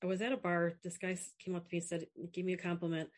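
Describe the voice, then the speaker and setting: This woman talks fast and frankly, with a voice on the low side. As an app founder and guest in a candid, casual interview, she tells animated stories and quotes others in voices.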